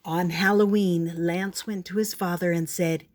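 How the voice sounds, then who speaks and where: Older woman, storybook reader, slow and gentle delivery. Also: lowish voice, fairly even intonation. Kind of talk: reading a picture book aloud.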